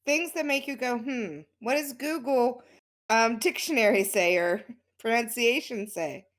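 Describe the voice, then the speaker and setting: A woman's voice: a little high, unhurried. A woman co-hosting a casual chat, chiming in with short, playful and curious remarks. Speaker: co-host.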